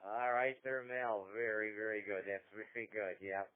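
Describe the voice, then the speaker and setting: A man's voice: lowish voice, fairly even intonation, normal speed, clear, resonant tone, no room sound. An older man running a ham radio net, reminiscing in a folksy, casual way. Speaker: net control. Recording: tinny dry radio transmission.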